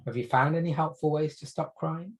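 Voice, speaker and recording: A man playing a calm family doctor in a role-play consultation, asking gentle, reassuring questions. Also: on the high side, a little fast, close to an everyday voice.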